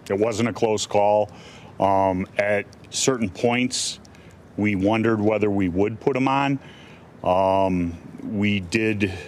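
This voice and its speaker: A man's voice: fairly low pitch, a little hiss or hum. A middle-aged male defense attorney answering reporters' questions bluntly, with many restarts and fillers. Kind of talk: press conference answers.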